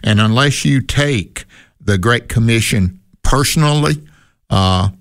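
A man's voice: medium pitch, expressive, a little slow, dry recording, studio quality. A man in a conversational Bible discussion, reflecting on scripture and asking and answering his own questions. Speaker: co-host.

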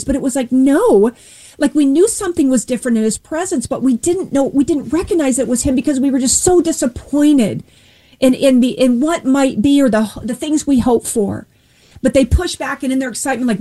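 A woman's voice: high voice, lively intonation, a little fast, warm tone. A woman sharing an earnest faith testimony, retelling a Bible story vividly as a guest.

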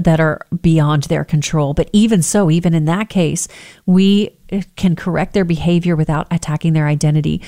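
A woman who works in healthcare, giving calm, earnest, emphatic advice to parents. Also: on the low side.

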